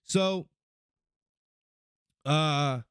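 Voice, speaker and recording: Podcast host, male, fairly high voice, dry close sound; excitable, swears a lot, rambles and restarts. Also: drawn-out words, clean tone, no echo. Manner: excitable, profane, rambling recap with frequent restarts. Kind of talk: casual wrestling review podcast.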